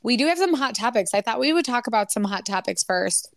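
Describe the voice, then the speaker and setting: A woman's voice: on the high side, animated, a little fast, gravelly, no room sound, clean studio sound. A woman in her thirties co-hosting a pop culture podcast, talking in a chatty, rambling way full of fillers. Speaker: podcast co-host. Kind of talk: casual chat.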